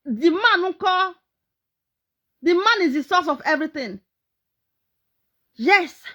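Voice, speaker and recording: A woman's voice: extremely high pitch, expressive, takes it slowly, sharp tone. A Nigerian woman ranting on a live stream, mocking and scolding as she mixes pidgin and English.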